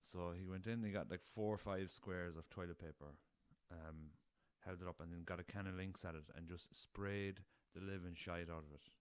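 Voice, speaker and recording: A man's voice: low-pitched, fairly even intonation, moderate pace, few pauses, clear, resonant tone, no room sound. An Irish man hosting a casual solo podcast, rambling through a story and swearing freely, recorded on a laptop. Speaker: podcast host.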